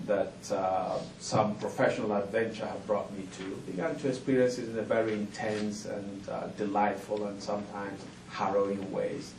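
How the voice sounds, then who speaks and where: Brief: middle-aged man, low voice, playful storyteller, distant mic in an echoey hall. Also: a little mellow. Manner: chuckling, playful, self-deprecating. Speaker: author on a festival panel. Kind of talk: humorous storytelling to a live audience. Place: event hall with audience. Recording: roomy hall, distant mic, ambient noise.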